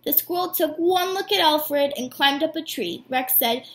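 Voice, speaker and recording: A woman teacher reading a picture book aloud to her students, warm and animated. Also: sits high, moderate pace. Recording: echoey room.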